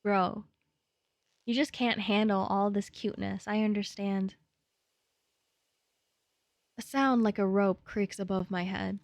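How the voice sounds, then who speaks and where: A woman's voice: mid-range voice, fairly even intonation, measured pace, pauses often, no echo. A young woman streaming a game live, reading its text aloud and chatting playfully, jittery when spooked.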